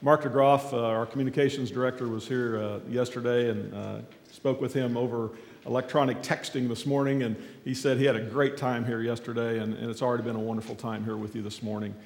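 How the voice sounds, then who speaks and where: A man speaking as a guest at a church, telling a folksy story as a sermon. He talks haltingly with many fillers, then gets lively and shouts out the characters' cries. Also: mid-range voice. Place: large echoing church hall. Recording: echoey hall with long reverb.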